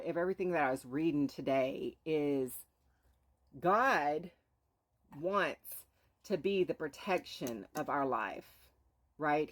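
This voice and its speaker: A woman's voice: low voice, a bit bright. A woman hosting a live stream, earnestly telling a moral story and sprinkling in rhetorical "right?"s. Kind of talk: inspirational storytelling talk.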